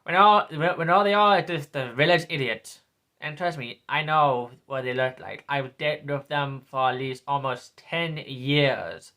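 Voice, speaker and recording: A man's voice: on the high side, unhurried, pushed and bright. A man in his twenties delivering a sneering, repetitive political rant as a vlogger. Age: 20s. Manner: sneering, ranting, repeats himself.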